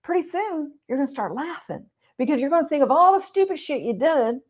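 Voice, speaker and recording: A woman's voice: high voice, very animated, fairly quick, voice pushed up. A woman putting on the voice of a blunt, joking male friend as she retells his advice. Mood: teasing.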